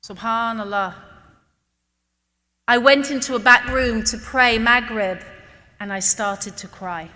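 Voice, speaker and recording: A woman giving an impassioned religious talk to a gathering, telling a personal story in an earnest, emotional way and slowing down to stress key words. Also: a little high, pushed and bright. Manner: earnest, emotional, slows down for emphasis. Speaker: speaker addressing a religious gathering. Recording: long reverb of a large hall.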